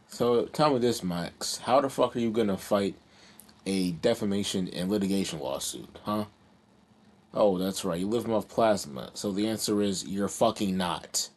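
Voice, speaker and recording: A man streaming his reactions to videos, blunt, crude and mocking. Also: on the low side. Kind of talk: profane reaction commentary.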